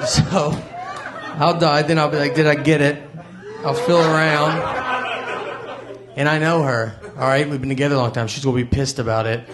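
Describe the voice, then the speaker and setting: A man's voice: on the high side, little pitch movement, normal speed, background noise. A man doing stand-up comedy with a wry, matter-of-fact delivery. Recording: comedy club with crowd laughter. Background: audience laughter.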